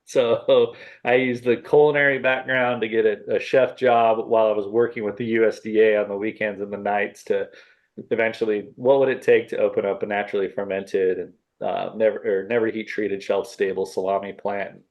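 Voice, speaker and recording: A man's voice: lowish voice, moderate pace, highs cut off. Middle-aged man telling stories with a chuckle. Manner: animated storyteller who acts out his own remarks, laughs often. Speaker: podcast guest, salami maker. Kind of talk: casual storytelling interview.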